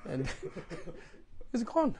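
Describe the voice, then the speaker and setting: A man's voice: drawn-out words, warm tone, a little hiss or hum. A male pastor teaching from the Bible in broken English, often checking "do you understand?". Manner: non-native English, broken grammar, frequent "do you understand?".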